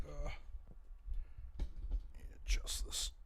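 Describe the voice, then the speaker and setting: A man's voice: extremely slow, in a whisper. A man chatting casually and rambling offhand while streaming a game. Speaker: gaming streamer. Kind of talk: casual live-stream chat. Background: loud game music.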